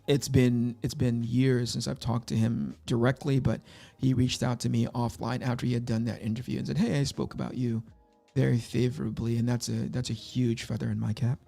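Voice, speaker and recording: Brief: middle-aged male stream host, mellow gravelly voice, rambling self-deprecating storyteller. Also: mid-range voice, little pitch movement, a little fast, hardly any pauses, soft background music. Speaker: livestream host. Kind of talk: casual livestream chat while drawing.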